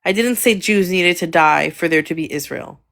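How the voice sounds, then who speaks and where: A woman's voice: fairly low pitch, moderate pace, vocal fry, a bit bright. A woman guest on a livestream, earnestly explaining and defending her views at length.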